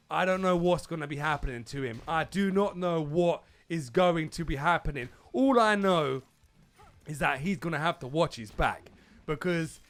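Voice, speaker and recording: A man's voice: on the high side, fairly bright tone. A man hosting a gaming channel, giving a hyped wrestling recap vlog, stumbling over and repeating his words. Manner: calls viewers dudes.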